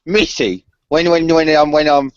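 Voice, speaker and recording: A man's voice: on the high side, fairly even intonation, normal speed, clear, resonant tone, no room sound. A man co-hosting a fan podcast who talks hesitantly, stumbling over fillers. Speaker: podcast co-host. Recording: dry, lo-fi podcast audio.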